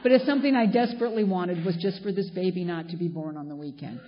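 An older Southern California woman addresses a recovery meeting, telling a candid, wry personal story in a lowish voice at a fast clip. The echoey hall gives a dull, lo-fi sound with faint noise.

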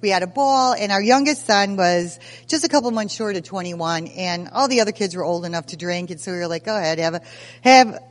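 A woman in her sixties telling stories at a recovery meeting, lively and self-mocking, acting out scenes as she goes. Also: on the low side, brisk, hardly any pauses, in a large hall. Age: 60s. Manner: animated, self-mocking storyteller who acts out scenes. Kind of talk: personal testimony at a recovery meeting.

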